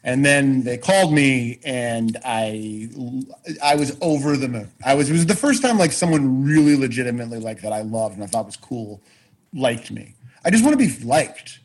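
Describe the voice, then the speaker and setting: Casual guest: husky male voice, rambling and self-deprecating, swears a lot. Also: mid-range voice, lively intonation, moderate pace, rough recording. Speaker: guest, actor and writer. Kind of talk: casual storytelling chat.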